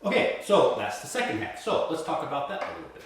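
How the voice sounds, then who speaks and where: A man giving a patient violin lesson, speaking at an everyday middle pitch. His voice rings around a very echoey room and sounds set back from the microphone, with faint violin music in the background. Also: sing-song, quick pace. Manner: patient, explanatory, checks in with frequent "right?". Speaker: violin teacher. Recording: roomy echo, mic set at a distance.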